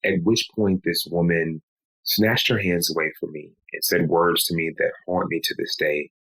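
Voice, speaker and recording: A man, a podcast guest, recounting a painful personal story in a slow, measured way. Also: low-pitched, fairly even intonation, fairly bright tone, low-quality recording. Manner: slow, measured telling with pleading quoted lines.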